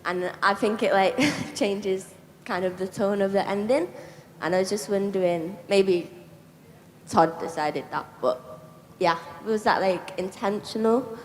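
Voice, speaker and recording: A woman in the audience, teary with happiness and giggly, asking an excited question. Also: medium pitch, unhurried. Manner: excited, giggly, says "like" a lot. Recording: reverberant festival tent, faint noise.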